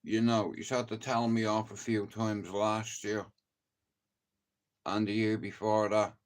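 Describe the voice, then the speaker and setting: A man's voice: lowish voice, level tone, unhurried. A man with a Dublin accent, rambling and swearing through a casual live-stream chat. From Ireland. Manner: rambling and heavily profane, chatty storytelling.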